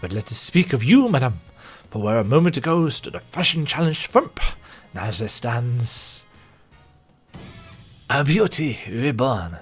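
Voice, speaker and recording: A man's voice: medium pitch, very animated, unhurried, husky, soft background music, pitched above the performer's own voice. A man voicing a flamboyant, vain male hairdresser in a mock French accent, declaiming pompously. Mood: grandiose.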